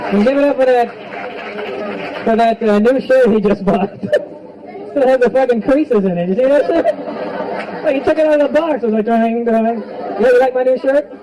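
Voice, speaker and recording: High-voiced man doing stand-up. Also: moderate pace, pauses often, rough recording. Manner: loose, profane, mocking crowd work. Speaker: stand-up comedian. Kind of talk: stand-up comedy set. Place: comedy club. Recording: live club recording with crowd. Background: audience laughing.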